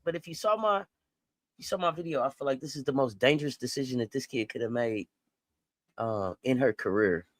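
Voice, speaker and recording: A woman co-hosting a casual sports chat, animated and playful, often repeating words. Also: very deep voice, brisk, no echo, clean studio sound. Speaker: co-host.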